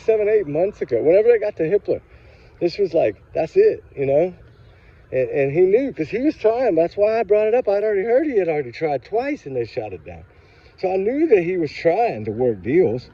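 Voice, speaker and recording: Angry and fired up, this true crime channel host addresses his viewers head-on while wandering a grocery store parking lot for a casual rant vlog. The medium-pitched voice comes through lo-fi audio with a little hiss or hum.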